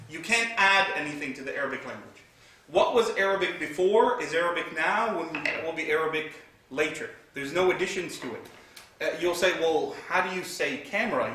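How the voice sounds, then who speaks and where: A man's voice: fairly high pitch, bright, forceful tone. A man giving a religious lecture, retelling scripture vividly and reciting Arabic verses between his English. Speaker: Islamic teacher. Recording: echoey hall from far off.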